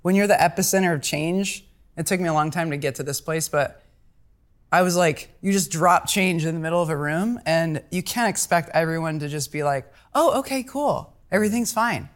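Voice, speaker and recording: A woman's voice: deep voice, brisk. A woman guest on a podcast telling a story casually and animatedly, acting out the people she quotes.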